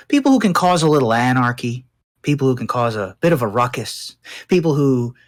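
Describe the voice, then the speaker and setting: A game master voicing a scheming male ratfolk crime boss who bargains for his freedom. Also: medium pitch. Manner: bargaining, smooth-talking.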